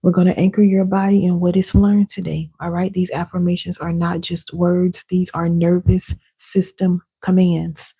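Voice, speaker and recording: A woman coaching viewers live, her low, mellow voice gravelly and husky. She talks to her audience casually, then slows right down to lead affirmations and breathing. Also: little pitch movement. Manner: guides listeners through slow affirmations and breathing. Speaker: inner healing coach. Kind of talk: live-stream coaching session.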